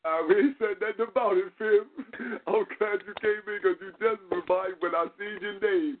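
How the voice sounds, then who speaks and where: A man hosting a call-in show, animated, laughing and greeting callers by name. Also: high voice, normal speed. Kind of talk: casual call-in chat. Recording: phone-like lo-fi call audio.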